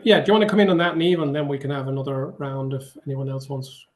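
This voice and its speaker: A man's voice: medium pitch, fairly even intonation, quick pace. A man chairing an online panel, giving brief, polite handovers between speakers. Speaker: chair of the discussion.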